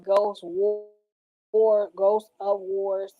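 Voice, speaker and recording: A woman's voice: medium pitch, level tone, very slow, phone-quality sound. A woman in casual vlog chat, reading out show titles and reacting with slangy asides. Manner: chatty, reads titles aloud, slangy asides. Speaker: vlogger reacting to show picks.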